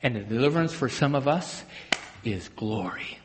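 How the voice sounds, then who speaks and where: A man preaching a sermon as a pastor, swinging between loud emphatic bursts and hushed, low phrases. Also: expressive, moderate pace, noisy background. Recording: long hall reverb.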